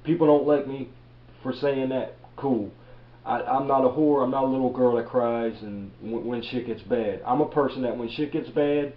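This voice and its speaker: A man in his thirties from Baltimore, giving a blunt, profane motivational rant as a reselling vlogger. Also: medium pitch. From Baltimore, USA. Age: 30s. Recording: echoey room, dull lo-fi audio.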